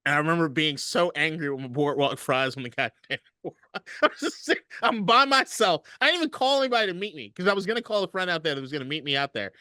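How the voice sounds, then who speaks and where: A man co-hosting a casual sports podcast, telling stories in a profane, animated way. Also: a little high, rapid-fire, few pauses, smooth, no room sound, clean studio sound. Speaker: podcast co-host.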